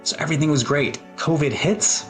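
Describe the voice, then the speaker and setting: A man in his forties telling a personal story in an earnest, emotional way, with pauses and fillers. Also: fairly high pitch, faint music behind. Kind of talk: personal talk with photos.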